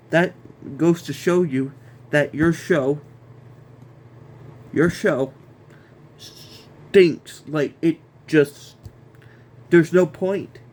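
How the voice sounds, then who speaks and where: A man hosting a casual wrestling review, ranting in an exasperated way, repeating himself and stumbling over restarts. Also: fairly high pitch.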